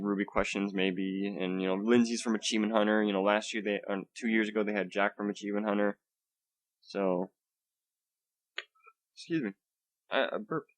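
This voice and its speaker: A young man hosting a solo podcast from home, rambling casually with lots of swearing, fillers and restarts, keeping his voice down. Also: on the low side. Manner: holds back his volume. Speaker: podcast host. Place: home room.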